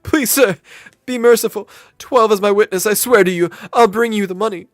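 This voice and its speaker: Man playing a frantic male debtor in a game, high loud pleading voice. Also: normal speed, no echo, clean studio sound, faint music behind, close to an everyday voice. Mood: begging. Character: desperate male debtor begging for mercy.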